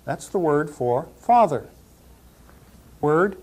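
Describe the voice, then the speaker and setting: A man teaching pronunciation, saying each word deliberately and repeating it. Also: a little high, expressive, a little mellow. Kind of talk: slow pronunciation drill.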